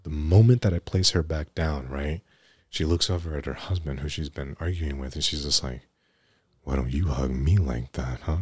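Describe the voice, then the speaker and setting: A man's voice: extremely low pitch, moderate pace, a little mellow, slightly rough, no echo. A young man, an EMT guest on a podcast, telling work stories casually, with restarts and frequent "right?" tags.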